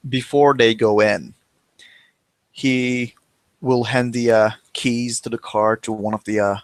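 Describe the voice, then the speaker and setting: A man's voice: medium pitch, steady tone, slow, no echo. A man playing a tabletop role-playing game, hesitantly describing what his character does. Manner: hesitant, many ums. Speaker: player.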